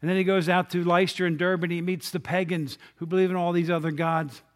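A man preaching a sermon to his congregation in a conversational way, asking the room rhetorical questions and swinging between loud and hushed delivery. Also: high-pitched, little pitch movement, quick pace. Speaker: pastor. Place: church sanctuary.

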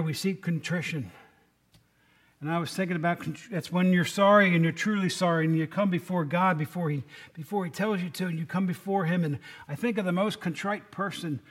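High-voiced man preaching a casual sermon. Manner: conversational, asks the congregation questions. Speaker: pastor.

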